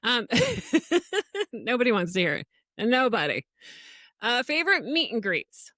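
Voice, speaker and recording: A woman's voice: on the high side, a little slow, no echo, clean studio sound. Middle-aged woman telling stories animatedly. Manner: animated storytelling with frequent laughs. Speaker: podcast co-host. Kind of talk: casual chat.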